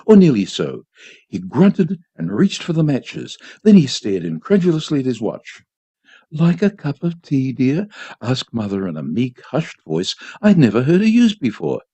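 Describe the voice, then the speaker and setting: A man reading a short story aloud for radio, telling it in an expressive, dry manner. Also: mid-range voice, breathy edge. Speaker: volunteer reader. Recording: dull lo-fi community radio.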